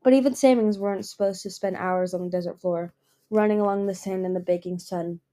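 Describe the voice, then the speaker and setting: A woman reading a fantasy novel aloud in an expressive storytelling manner. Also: mid-range voice, fairly quick. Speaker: fan audiobook reader.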